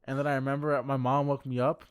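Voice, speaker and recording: A man's voice: medium pitch, flat delivery, quick pace, clear, resonant tone, no room sound, studio quality. A young man co-hosting a podcast, telling a long personal story in a casual, heavily profane, rambling way full of fillers. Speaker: podcast co-host.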